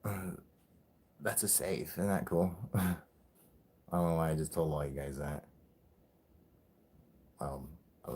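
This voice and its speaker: A man's voice: rumbling low, fairly even intonation, unhurried, long pauses, a little mellow, slightly rough. A young man hosting a casual livestream, rambling and swearing, with frequent laughs. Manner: rambling, profane, laughing often. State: high. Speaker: livestream host.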